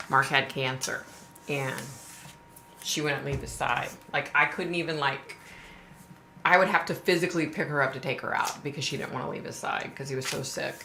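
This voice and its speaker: A woman's voice: deep voice, vocal fry, sharp tone. A middle-aged woman, hosting a casual livestream and chatting sympathetically with viewers she greets by name. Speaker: livestream host. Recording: echoey room with faint noise.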